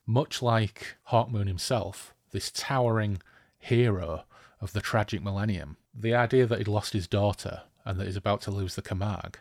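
A man's voice: lowish voice, dry recording, studio quality. A man hosting a casual podcast discussion of a fantasy novel, who talks enthusiastically and thinks aloud.

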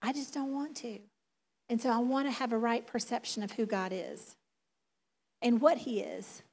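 A woman's voice: a little high, normal speed, darkish tone. A middle-aged woman preaching a sermon in a chatty, conversational way, laughing often.

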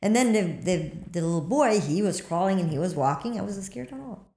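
A woman telling a story in casual talk. She acts out her own lines with sudden jumps up into squeaky highs. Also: fairly quick. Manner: animated, acts out quotes with sudden high squeaks. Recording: echoey room.

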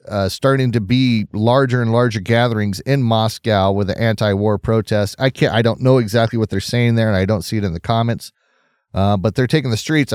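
A man from Southern California with a lowish voice, hosting a casual news commentary stream. He talks in a loose, opinionated way, reacting aloud to each story. The sound is close and dry. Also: a little mellow, dry recording.

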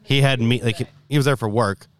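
A man's voice: mid-range voice, steady tone, fairly quick. A man co-hosting a casual podcast, telling stories in a laid-back way and swearing often. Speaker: podcast co-host. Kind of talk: casual chat.

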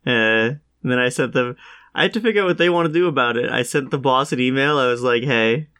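A man's voice: medium pitch, fast talker, a bit bright, clear, resonant tone. A man co-hosting a casual podcast chat, sick with a cough, telling stories in a dry, wry way. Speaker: podcast co-host.

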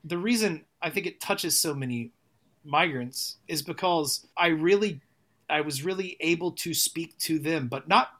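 A man, a songwriter, talking casually in an interview, animated and rambling, with frequent restarts and swearing. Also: on the high side. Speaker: songwriter and musician guest.

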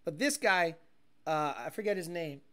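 A man hosting a casual chat stream, telling stories in a rambling, profane, animated way. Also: on the high side, normal speed, smooth. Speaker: livestream host.

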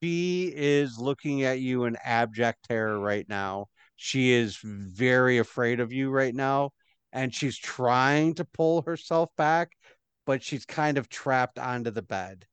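A man's voice: medium pitch, slow pace, smooth, no room sound. A man running a tabletop game as game master, narrating in a rambling way with lots of fillers.

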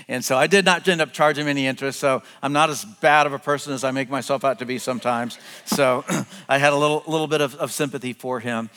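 A middle-aged man preaching a sermon earnestly, often dropping to hushed, drawn-out words for emphasis. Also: mid-range voice, fairly even intonation. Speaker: pastor. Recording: long hall reverb, faint music behind.

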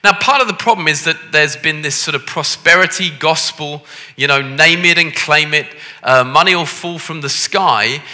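Man, Liverpool accent, preacher, very bright forceful voice, bit high, long church reverb. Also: moderate pace. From Liverpool, England. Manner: jokey, self-deprecating, conversational. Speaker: visiting preacher. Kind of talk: sermon. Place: church hall. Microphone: handheld microphone.

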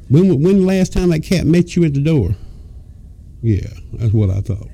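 Radio host, male, very dark, mellow voice, crude and joking, rambling storyteller. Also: a little high, big pitch swings, normal speed. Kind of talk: casual comic storytelling. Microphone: studio microphone.

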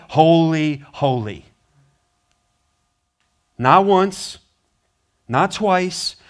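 An American man preaching a sermon as pastor, stressing words by repeating them and swinging from loud bursts to low, hushed passages.

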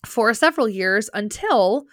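A woman's voice: medium pitch, animated, unhurried, no room sound, studio quality. Chatty young woman with a Jersey accent. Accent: New Jersey. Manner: chatty, lots of "like" fillers, swearing. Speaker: podcast co-host. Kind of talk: casual chat.

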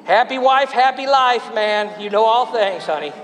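A high-pitched male pastor preaches to his congregation, prompting them to answer back and turn to their neighbors. His voice carries through a church hall with a long trailing reverb. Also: expressive, normal speed, a bit bright. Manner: preaching with call-and-response to the congregation. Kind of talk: sermon. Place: church sanctuary.

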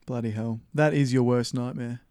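A man's voice: medium pitch, steady tone, normal speed, warm tone, smooth, dry recording, clean studio sound. A man co-hosting a casual film review podcast, easygoing and steering the talk with questions. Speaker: podcast co-host.

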